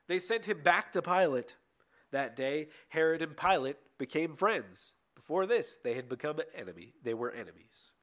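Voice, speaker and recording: A man reads a bible passage aloud, steady and unhurried, now and then stumbling over a word and restarting. His voice sits a little on the high side. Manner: steady reading with occasional slips and restarts. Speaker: scripture reader.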